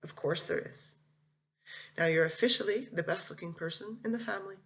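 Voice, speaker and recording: Woman reading as a tender, hushed mother, gravelly edge, storybook read-aloud. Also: medium pitch, fairly quick, lightly acted. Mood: soothing. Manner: soft, hushed, soothing. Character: loving, gently joking mother comforting her son.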